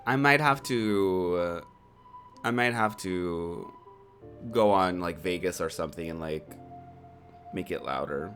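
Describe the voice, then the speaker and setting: A streamer in their twenties chatting casually to a live chat, playful and quick to laugh. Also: low voice, a bit bright, faint music behind. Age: 20s.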